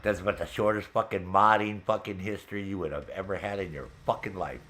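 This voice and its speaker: A man's voice: deep voice, fairly even intonation, brisk, sharp tone, a little hiss or hum. A man hosting a gaming show, casually and profanely retelling his own frustration, often breaking into laughter. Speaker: gaming channel host. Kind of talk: casual chat while gaming.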